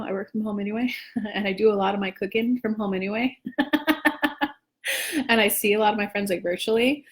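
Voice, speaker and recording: A woman who is a spiritual teacher, chatting casually and self-deprecatingly with viewers on a livestream from home. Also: mid-range voice.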